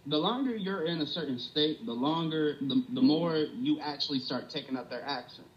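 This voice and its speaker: A young man with a New York accent talks in a slangy, profane, animated way. His voice sits a little high. The recording is dull and lo-fi. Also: normal speed, slight background noise. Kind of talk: casual chat.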